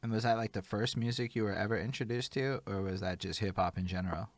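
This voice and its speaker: A man's voice: on the low side, quick pace, dry recording. A man hosting a streamed interview, chatty and eager, reacting to the guest and to his live chat. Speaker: host. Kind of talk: casual interview talk.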